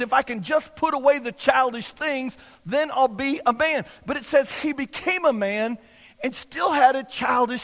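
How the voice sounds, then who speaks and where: High-voiced preacher in an echoing hall. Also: male voice, a bit bright. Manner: repetitive, emphatic preaching with acted-out quotes. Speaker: pastor. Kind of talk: sermon.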